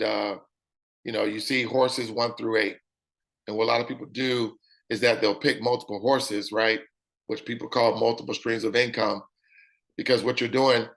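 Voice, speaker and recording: A man with a raspy voice delivers an animated sales-pitch demonstration. His pitch sits in an ordinary middle range. He keeps tossing in "okay?" to check that his listeners are with him. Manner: animated, repeats "okay?" often. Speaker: presenter.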